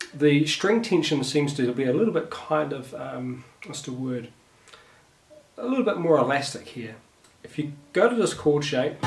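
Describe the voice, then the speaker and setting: Man teaching guitar in a roomy space. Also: mid-range voice. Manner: relaxed, thinks aloud with fillers. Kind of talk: casual guitar lesson. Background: guitar playing.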